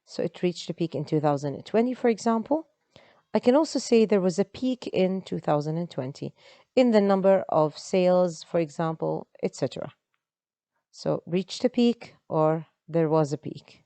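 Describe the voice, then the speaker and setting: A woman's voice: lowish voice, expressive, normal speed, mellow, no echo. A woman, an English teacher explaining step by step in an online lesson. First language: Arabic.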